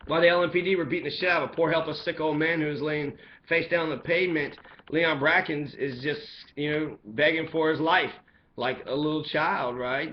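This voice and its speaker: A man delivers a heated, ranting commentary, swearing freely as he builds his case. His voice sits somewhat high for a man. The recording is a little dull, with faint ambience behind him. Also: steady tone, a little fast, a little hiss or hum. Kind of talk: angry monologue commentary.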